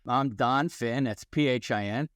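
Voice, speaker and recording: New york guy in his 60s, storytelling, smooth voice, dry sound. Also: medium pitch, a little slow, dry recording. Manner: energetic, storytelling, rhetorical questions. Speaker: guest, employment attorney. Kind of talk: podcast interview.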